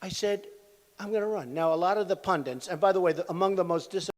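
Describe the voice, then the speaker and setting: High-voiced man at an echoey rally. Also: quick pace. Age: 60s. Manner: rambling, repetitive storytelling with asides to the crowd. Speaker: presidential candidate at a campaign rally. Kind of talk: campaign rally speech. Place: large rally venue. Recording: echoey hall sound from a rally venue.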